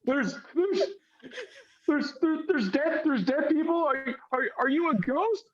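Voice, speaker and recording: A man's voice: extremely high pitch, lively intonation, measured pace, voice pushed up. A frightened little girl who stammers out one panicked question after another, as a man puts her on. The voice sits far above his own. The recording sounds dull and lo-fi. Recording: dull lo-fi audio.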